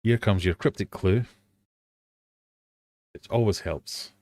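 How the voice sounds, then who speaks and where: British male stream host, lowish voice, jokey quizmaster, dry recording. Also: slow, darkish tone, no echo. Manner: playful, jokey, laughs at himself. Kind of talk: casual quiz chat. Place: home fish room.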